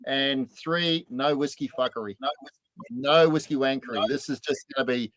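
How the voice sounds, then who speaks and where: A man co-hosting a casual chat, telling stories with animated build-ups and laughter. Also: medium pitch, moderate pace, dry recording, poor audio. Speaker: podcast co-host.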